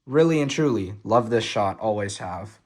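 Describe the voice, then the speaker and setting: Excitable young man, casual swearing. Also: on the low side, moderate pace. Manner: excitable, swears casually, many fillers and restarts. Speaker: vlogger reviewing a film photo book. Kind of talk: casual enthusiastic commentary. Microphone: phone.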